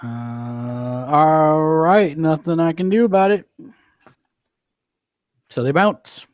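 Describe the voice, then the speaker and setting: A man's voice: on the high side, takes it slowly, darkish tone, dry recording, muffled recording. A man in casual talk over a card game, reading out viewer comments and weighing strategy. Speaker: card game player and co-host. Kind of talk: casual gameplay chat.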